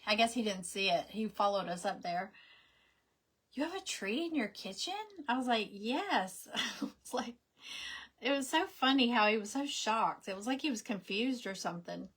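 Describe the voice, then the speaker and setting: A woman's voice: normal speed, breathy edge. A middle-aged woman, chatting casually and rambling through stories while she crafts on a livestream. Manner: rambling, animated, acts out quoted voices in a high pitch.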